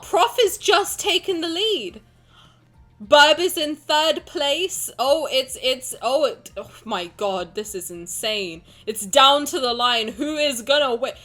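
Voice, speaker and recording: A woman streamer chatting casually with her viewers, excitable and gushing, swearing freely. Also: high-pitched, takes it slowly, faint music behind. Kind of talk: casual livestream chat.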